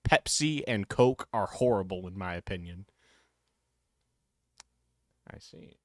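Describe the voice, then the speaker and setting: A man's voice: sits low, lively intonation, takes it slowly, pauses often, dry recording, clean studio sound. A man hosting a livestream, talking casually and hesitantly with many fillers. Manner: rambling, hesitant, full of fillers. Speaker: livestream host.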